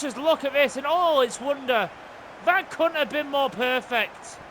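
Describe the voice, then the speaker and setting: A gaming host doing let's-play commentary, excitable and swearing as they rant at the game. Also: high voice, a little slow, slight background noise.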